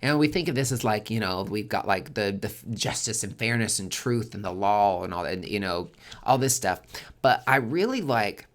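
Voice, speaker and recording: A man hosting a casual tarot forecast, chatty and expressive, swearing freely and swinging between loud emphasis and soft near-whispers. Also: fairly low pitch, moderate pace. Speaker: tarot reader and podcast host.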